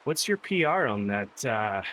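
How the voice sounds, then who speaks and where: A man's voice: mid-range voice, sing-song, measured pace, a bit bright, a little hiss or hum. A man live-streaming an indoor cycling ride, chatting casually with his viewers and riding partner and laughing often.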